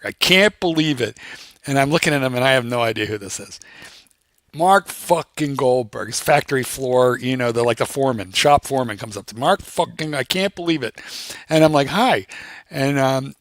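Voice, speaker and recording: A man co-hosting a livestream, telling a story in a casual, animated way and swearing freely. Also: medium pitch, no echo. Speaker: co-host.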